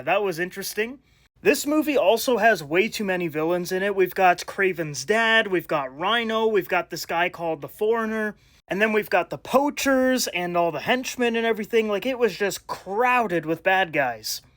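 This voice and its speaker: A young man giving a casual, animated movie review, exasperated and rambling with fillers. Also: high-pitched.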